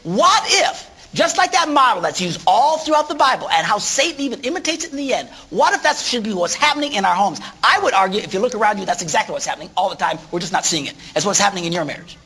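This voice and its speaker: A man preaching as a guest on a faith talk show, his voice swooping lively up and down. The tone is bright and forward, and he throws himself into acting out everyday scenes. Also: high voice, fast, hardly any pauses, slightly rough. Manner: animated, acts out stories in voices. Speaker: guest speaker.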